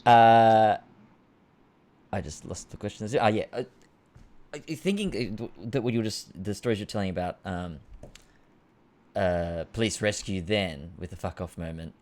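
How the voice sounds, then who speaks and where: A man's voice: lowish voice, moderate pace, pauses often, a little mellow. A young man hosting an interview from home, asking questions in a hesitant, rambling way. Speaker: host. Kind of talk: casual interview chat. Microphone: home video call.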